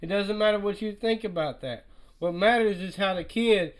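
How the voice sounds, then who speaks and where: Man reacting to a clip for viewers, high pitch, emphatic and repetitive. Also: moderate pace, noisy background. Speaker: reaction video commentator. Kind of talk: reaction commentary.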